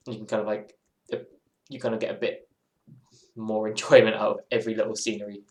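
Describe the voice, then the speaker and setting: A man's voice: fairly low pitch, level tone, fast talker, a little mellow. Rambling man chatting in an echoey room. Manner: rambling, musing, self-interrupting. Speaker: gaming streamer. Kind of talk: casual live-stream chat while playing.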